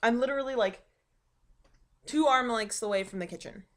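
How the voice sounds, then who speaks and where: A woman's voice: fairly high pitch, normal speed, a bit bright. A young woman vlogging from her dining room at home, telling rambling stories full of ums and likes. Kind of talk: casual storytelling vlog.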